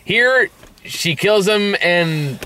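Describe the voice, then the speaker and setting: A man's voice: sits high, expressive, very slow, pushed and bright. A man hosting a casual movie review chat, rambling, swearing and laughing often. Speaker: podcast host.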